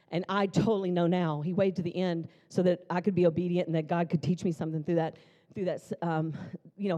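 A woman in her fifties, a pastor preaching at a conference and telling her own testimony in a chatty, conversational way with lively asides. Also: fairly low pitch. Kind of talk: conference sermon with personal testimony. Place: large church hall. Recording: long reverb of a church hall.

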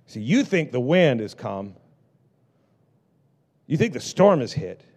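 Animated preaching man, lively pitch. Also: slow, highs cut off. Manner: dynamic preaching, swings from loud bursts to hushed lines. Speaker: pastor. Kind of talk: sermon.

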